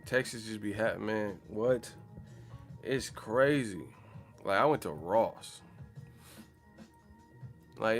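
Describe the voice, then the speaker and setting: A man hosting a boxing channel livestream, chatting casually in a profane, joking, slangy way. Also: on the low side. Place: in the Bay Area, California.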